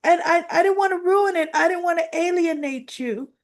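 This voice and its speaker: A woman's voice: very high-pitched, brisk, pitched above the performer's own voice. A woman voicing a defensive woman pleading her case in a soap-opera scene she is retelling. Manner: earnest, raised and pleading.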